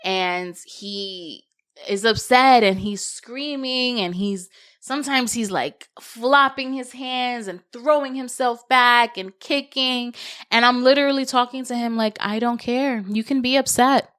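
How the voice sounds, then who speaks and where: A young adult woman hosting a solo podcast, giving earnest parenting advice in casual talk that gets animated when she tells stories. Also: on the high side, a little slow, clean tone, no echo, clean studio sound. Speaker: podcast host.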